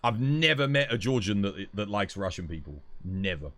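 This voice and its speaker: A man's voice: lowish voice, moderate pace. A man with a London accent chatting casually while streaming a game, rambling with frequent restarts. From England. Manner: rambling, relaxed, lots of "like" and restarts. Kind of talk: casual chat while gaming.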